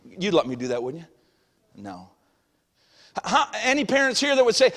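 A middle-aged male pastor preaching a sermon, moving between shouted passages and hushed asides, recorded in a church sanctuary. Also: very high-pitched, very animated, fast talker. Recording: long church hall reverb.

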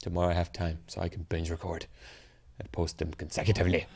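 Excitable teenage boy gamer, low voice. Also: quick pace, breathy edge, no room sound. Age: teens. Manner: excitable, rambling, talks to himself while playing. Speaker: gaming channel host. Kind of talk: gameplay commentary.

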